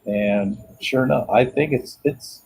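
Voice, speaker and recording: A man's voice: medium pitch, unhurried, gravelly, darkish tone, a little hiss or hum, rough recording. A middle-aged man in casual chat, rambling through profane stories with lots of laughter.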